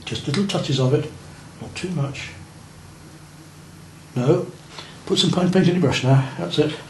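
A man whose voice is a little high speaks at a measured pace while teaching a beginners' painting class, painting as he guides students. As their art teacher, he encourages them and reviews their work. The room is roomy and faintly noisy.

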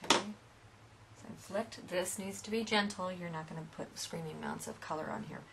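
A woman's voice: lowish voice, fairly quick, creaky, heavy background noise. A woman giving a step-by-step painting lesson in a chatty way, with asides to her students. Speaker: painting instructor. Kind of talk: painting tutorial.

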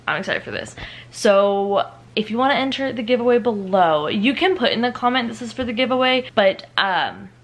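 A young adult woman chatting casually at home in a rambling, self-mocking way as a book vlogger. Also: medium pitch. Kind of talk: casual vlog chat. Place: home, indoors at night.

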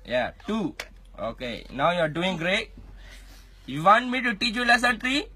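A man's voice: high voice, very animated, moderate pace, pushed and bright. A man playing a comic teacher in a skit, bossy and scolding, often laughing as he talks. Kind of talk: comedy skit.

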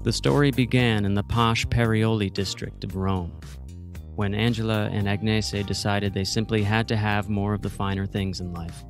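A man hosting a true crime podcast, reading scripted narration in a measured, matter-of-fact way. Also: lowish voice, fairly even intonation, faint music behind. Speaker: podcast host.

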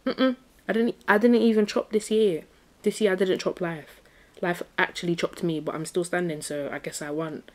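A woman's voice: fairly low pitch, fairly even intonation, normal speed. A young woman hosting a casual solo podcast, chatty and playful, dropping slang and breaking into bits of song. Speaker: podcast host.

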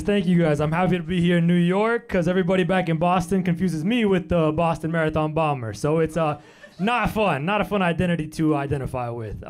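Young guy doing standup in a club, kinda high voice, deadpan punchlines. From Manchester, New Hampshire, US. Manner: quick deadpan punchlines, voices his family in quotes. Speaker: stand-up comic. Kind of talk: stand-up set. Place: comedy club stage.

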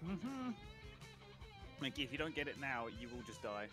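A woman's voice: extremely low pitch, big pitch swings, normal speed, music in the background. A woman watching a friend play, commenting casually and teasing while laughing often. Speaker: co-viewer watching the game.

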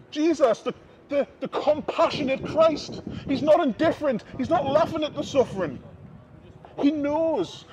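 A man with a very high-pitched, darkish voice preaches an open-air street sermon outdoors on a city street, impassioned and repetitive as he builds emphasis. The outdoor recording is dull and lo-fi with faint noise.

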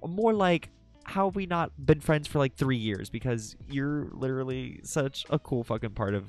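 Lively, excitable young man streaming. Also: moderate pace, faint music behind. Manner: excitable, swings into loud high squeals. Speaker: livestream host. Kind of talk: casual late-night stream chat.

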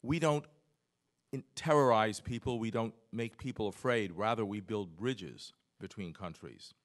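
A low-pitched American man speaks at a conference, opening a panel with earnest remarks. He talks with frequent fillers and a touch of self-deprecating humor as he introduces each guest. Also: a little slow. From United States. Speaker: panel moderator. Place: conference hall.

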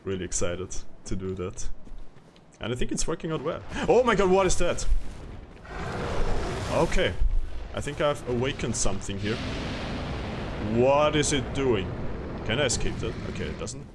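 A man's voice: medium pitch, lively intonation, moderate pace, background noise. A man streaming a game live, chatting with viewers and reacting aloud to play, laughing often. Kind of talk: live-stream gameplay commentary.

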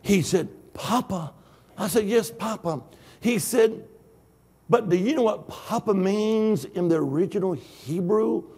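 An older man preaching with shouted hallelujahs, acting out dialogue from his story. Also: high-pitched, unhurried, husky. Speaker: guest preacher. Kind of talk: Pentecostal-style sermon.

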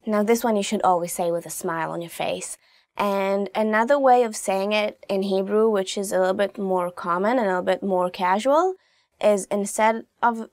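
A young woman hosting a casual video language lesson, chatty and laughing often, saying each phrase slowly and clearly. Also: mid-range voice, darkish tone, dry recording. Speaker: language teacher, show host.

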